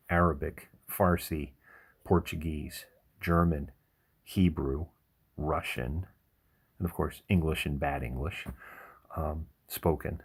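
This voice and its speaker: A man hosting a livestream, telling rambling stories in a relaxed chat with frequent chuckles. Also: very deep voice, breathy edge. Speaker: livestream host. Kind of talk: casual chat.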